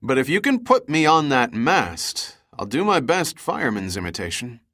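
A man's voice: medium pitch, very animated, moderate pace, fairly bright tone, no room sound. A man voicing a bold, determined male adventurer with dry humor.

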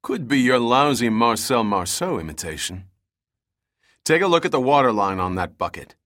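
A man's voice: mid-range voice, lively intonation, moderate pace, a bit bright, dry recording, natural voice. A man voicing a bold, determined male adventurer with dry humor.

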